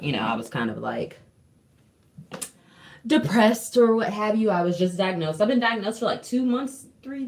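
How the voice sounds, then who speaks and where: A young woman chatting casually and candidly to her viewers during a livestream from home, slangy and swearing freely. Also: deep voice. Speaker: vlogger.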